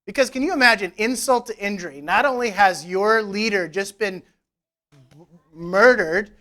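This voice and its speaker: A man's voice: sits high, fairly bright tone. A man preaching a conversational sermon in church, retelling scripture with casual, joking asides. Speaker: pastor. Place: church service.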